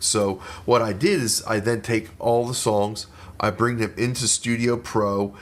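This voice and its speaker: Middle-aged musician guy, kinda low voice, laid back, lots of uhs and restarts, casual studio walkthrough. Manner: relaxed, rambling with many fillers and restarts.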